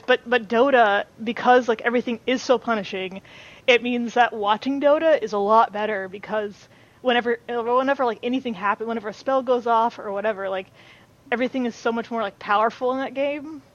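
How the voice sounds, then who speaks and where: A woman's voice: fairly high pitch, fairly quick, lo-fi sound. A woman chatting as a podcast guest, talking loosely with many fillers and restarts. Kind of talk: casual chat.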